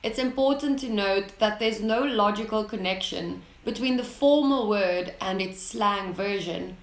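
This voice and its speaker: A woman hosting an English lesson channel, explaining tips in a clear, deliberate way and stressing key words. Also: mid-range voice. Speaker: English teacher, channel host. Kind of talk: scripted lesson to camera. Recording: roomy echo.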